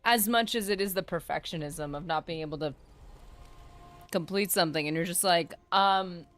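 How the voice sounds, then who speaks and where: A woman's voice: lowish voice, normal speed, fairly bright tone. A woman live-streaming a video game who chats playfully with her viewers and rambles about quests. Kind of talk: live gaming stream chat.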